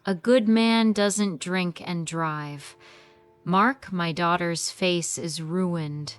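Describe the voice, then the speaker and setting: Woman doing a reproachful mother, smooth voice, very slow, dry sound. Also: fairly low pitch. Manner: reproachful, pleading. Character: hurt, disappointed mother. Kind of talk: slow scripted story for learners.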